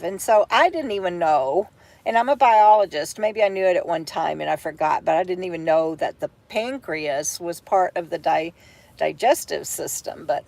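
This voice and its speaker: A tired, brain-foggy woman, chatting on a home livestream from bed, halting and full of fillers and restarts as she reads viewer comments. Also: lowish voice, creaky, a little mellow. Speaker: vlogger hosting a livestream. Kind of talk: rambling livestream chat.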